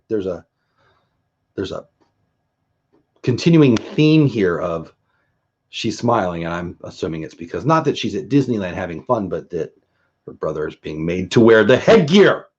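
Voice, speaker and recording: Casting: man in his fifties, casual vlogger, self-mocking humor, mid-pitched voice, slightly dull recording. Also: husky. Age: 50s. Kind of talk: casual chat.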